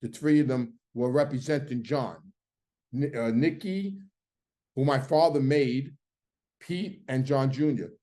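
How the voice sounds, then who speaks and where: A man's voice: mid-range voice, unhurried. A middle-aged man telling a story casually, acting out the arguments he quotes. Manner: animated, acts out quoted arguments loudly.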